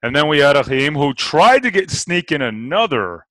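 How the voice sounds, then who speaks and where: A man's voice: on the high side, very animated, moderate pace, fairly bright tone, no room sound, poor audio. A man co-hosting a podcast in casual chat, joking and bantering playfully with his guests. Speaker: podcast co-host.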